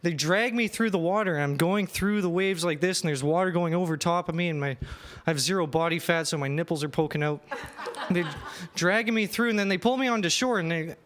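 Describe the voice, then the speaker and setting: A man's voice: high-pitched, brisk, a bit bright. A young man doing a self-deprecating stand-up set and emceeing, laughing through his lines, on a comedy club stage.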